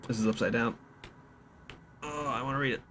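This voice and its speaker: A man's voice: medium pitch, steady tone, brisk, fairly bright tone. A young man streaming a game, joking around and reading the game's notes aloud in a rambling, casual way. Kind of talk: casual let's-play commentary. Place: home streaming setup. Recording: background noise with keyboard typing.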